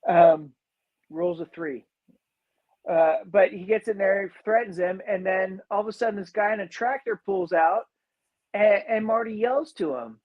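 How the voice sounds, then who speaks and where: Recorded in a muffled way, a man with a high-pitched voice talks at a moderate pace as a podcast co-host recapping a movie. It's loose and rambling, filled with "you know," and he voices the characters' lines himself.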